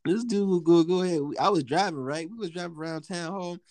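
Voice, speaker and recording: A young man telling a rowdy, profane story with lots of laughter and acted-out quotes. His voice sits mid-pitch, recorded dry and close with no room sound. He talks loosely and casually, jumping into punchlines. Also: fast talker, a little mellow, no echo. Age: young adult. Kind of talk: casual chat.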